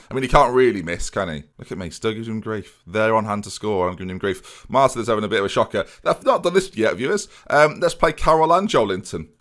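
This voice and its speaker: A man's voice: lowish voice, fairly bright tone. A young man hosting a gaming video, giving casual let's-play commentary in a sardonic, self-mocking way and talking straight to his viewers.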